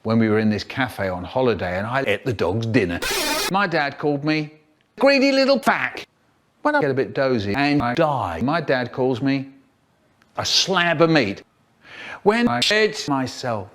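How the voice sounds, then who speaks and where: A man's voice: medium pitch, sing-song, a little slow, a bit bright. A man reciting a comic poem in a sing-song way, cut into a remix.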